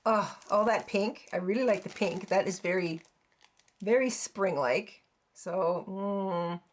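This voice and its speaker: A woman hosting a crafting channel chats casually through an unboxing, gushing over each piece with frequent exclamations and little laughs. Her voice is medium-pitched and slow-paced, with a little hiss or hum.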